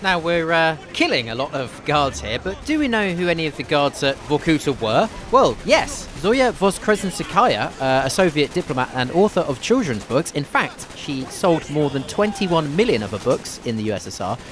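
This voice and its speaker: A man commentating a war game playthrough and weaving in history, chatty and jokey with dry asides. His pitch moves lively up and down, and faint game music runs underneath. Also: moderate pace, hardly any pauses. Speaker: history podcast host. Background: game gunfire and faint music.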